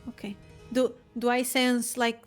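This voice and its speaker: A woman taking part in a tabletop game, her voice sitting slightly high. She asks hesitant, questioning things and giggles easily. Faint music runs in the background. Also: little pitch movement, unhurried. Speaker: player.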